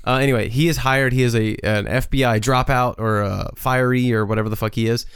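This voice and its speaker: A man chatting casually about a movie, swearing freely as he walks through the plot with gusto. His voice is smooth and clear, recorded close with a dry, dead sound. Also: mid-range voice, steady tone, fairly quick, no room sound. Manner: profane, enthusiastic summarizing. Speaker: podcast co-host. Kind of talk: casual film review chat.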